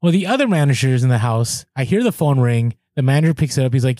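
There's no room sound as a man with a medium-pitched voice speeds through a casual story, hardly pausing. Animated throughout, he acts out the quoted people, and his voice shoots up in moments of exasperation.

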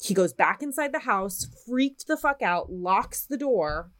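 A woman co-hosting a podcast speaks a little slowly in a mid-range voice. She casually retells a ghost story, animated and swearing plenty along the way.

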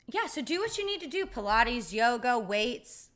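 A woman's voice: fairly high pitch, very animated, moderate pace, hardly any pauses, a bit bright. A woman hosting a podcast, telling wry, profane stories in a blunt, casual monologue. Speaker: podcast host.

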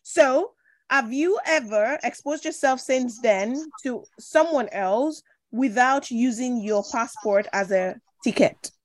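A woman hosting a podcast interview, probing with questions, teasing her guest, and jumping in with quick reactions. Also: on the high side, no room sound. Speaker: podcast host. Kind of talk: conversational interview.

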